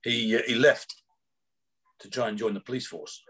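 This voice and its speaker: Husky man telling rambling stories. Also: mid-range voice, normal speed, a bit bright. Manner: rambling anecdotes with quoted dialogue and chuckles. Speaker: former prison officer telling stories. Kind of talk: casual storytelling chat.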